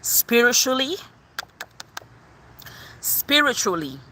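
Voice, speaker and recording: A woman giving a live tarot reading, excitable and expressive, swearing casually as she talks to viewers. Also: a little high, takes it slowly, slight background noise. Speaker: tarot reader.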